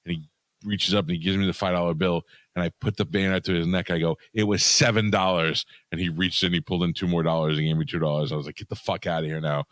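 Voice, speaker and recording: A man with a low, deep voice tells a story in loose, profane chat. He speaks into a close mic in a dead-dry room, and his delivery stays animated and blunt. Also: racing, no room sound. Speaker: podcast co-host.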